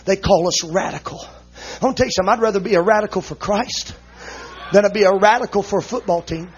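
A man preaching an impassioned, emotional sermon, shouting rhythmic lines and punctuating them with "uh, amen.". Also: high-pitched, fast talker, muffled recording, a little hiss or hum. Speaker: visiting preacher.

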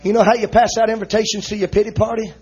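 A male preacher with a strikingly high, husky voice delivers an emotional sermon. He shouts in rhythmic bursts and tags nearly every line with "uh, amen." The intensity stays high and fervent. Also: little pitch movement, rapid-fire, muffled recording. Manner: shouts rhythmic lines, punctuating each with "uh, amen". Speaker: visiting preacher.

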